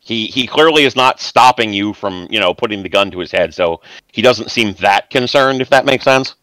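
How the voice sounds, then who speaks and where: A man narrating as game master of a tabletop role-playing game, casual and halting, with many restarts. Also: on the low side, lively intonation, a bit bright, no room sound, poor audio.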